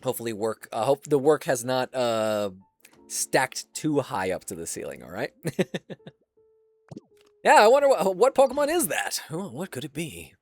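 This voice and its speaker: A man's voice: mid-range voice, very animated, normal speed, no room sound, soft background music. Laughing, chatty male game streamer. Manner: laughs often, swears casually, chats to viewers. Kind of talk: casual live-stream gameplay chat.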